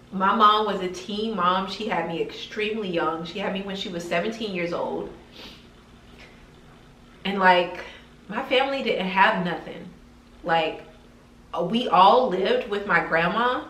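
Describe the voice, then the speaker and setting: In a casual, emotional vlog filmed at home, a female lifestyle vlogger talks to camera in a medium-pitched, slightly bright voice. She leans on many filler words, and the sound is roomy and somewhat distant from the mic.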